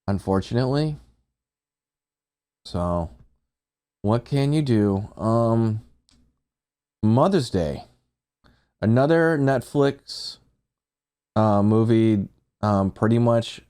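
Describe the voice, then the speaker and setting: Laid-back guy rambling through movie reviews on stream, swears a lot, mellow low voice. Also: lively intonation, slow, pauses often, clear, resonant tone. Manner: rambling and profane, talks to chat. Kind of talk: casual stream chat.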